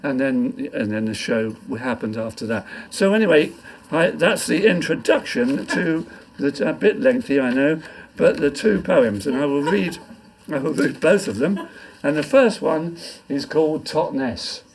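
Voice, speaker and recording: A man's voice: a little high, expressive, measured pace, breathy edge. An older man and comic poet, reading his poems live in a pub with a rambling, self-mocking delivery. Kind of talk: live stand-up poetry reading. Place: pub function room.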